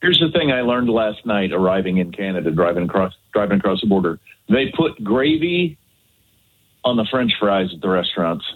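A man's voice: low voice, lively intonation, normal speed, breathy edge. A man co-hosting a radio show by phone, chatting in a laid-back, rambling way. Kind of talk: casual talk radio banter. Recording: tinny phone line.

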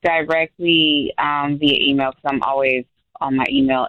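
A woman's voice: rumbling low, level tone, vocal fry, no echo, lo-fi sound. A woman researcher answering interview questions on a radio show, hesitant and full of ums. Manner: hesitant, lots of ums, spells slowly. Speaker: guest researcher.

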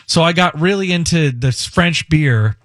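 A man's voice: fairly high pitch, lively intonation, unhurried, a bit bright, dry recording, studio quality. A man from Indiana hosting a casual talk show, rambling and joking at his own expense. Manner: rambling, self-mocking, joking. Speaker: radio host.

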